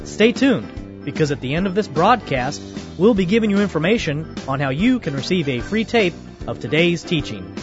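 A man reading a scripted radio introduction in a slow, measured way, on a muffled broadcast. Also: on the high side, big pitch swings, music in the background. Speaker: radio announcer.

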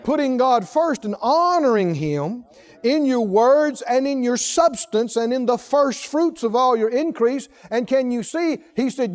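A man preaching a sermon, emphatic and full of rhetorical questions to the congregation, swinging from soft low asides to loud exhortation. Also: lively intonation, measured pace.

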